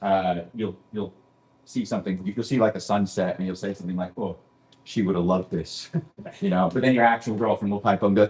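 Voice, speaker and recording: A man's voice: lowish voice, fast talker, darkish tone, roomy sound. A man doing a stand-up set in a comedy club, self-deprecating and rambling into asides, with a Canadian accent.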